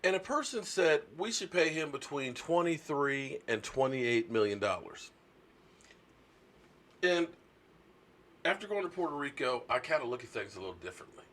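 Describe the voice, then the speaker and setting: Animated man ranting about football. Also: on the high side, normal speed, long pauses. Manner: animated, indignant, rambling with restarts. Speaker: sports talk host. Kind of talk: casual sports rant.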